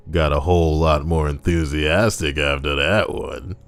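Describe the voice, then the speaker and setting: A man with a very low, deep voice reads out online posts and mocks them in loose, crude commentary. He is sarcastic and rambles off on tangents as he goes. Soft music plays quietly behind him. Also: steady tone, unhurried, hardly any pauses, clear, resonant tone. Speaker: YouTuber reading Reddit posts. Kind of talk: casual comedic commentary.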